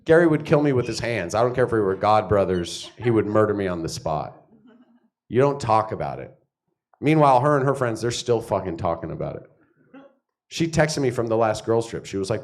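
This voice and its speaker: A man's voice: fairly low pitch, brisk. A man doing a stand-up comedy set on a club stage, telling stories with lots of swearing and acted-out quotes. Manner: profane, animated storytelling with acted quotes.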